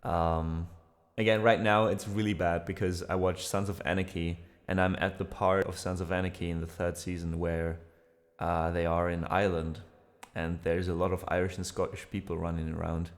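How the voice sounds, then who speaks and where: Relaxed low-voiced man chatting on stream. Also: normal speed, in a large hall. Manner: relaxed, rambling, fillers and laughs. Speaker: musician streamer. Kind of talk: casual livestream chat.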